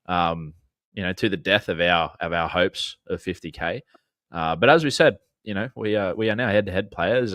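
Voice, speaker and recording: A man's voice: fairly low pitch, fairly bright tone, no echo. An Australian man hosting a casual sports chat, laid-back and jokey, swearing freely. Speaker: podcast host reading chat.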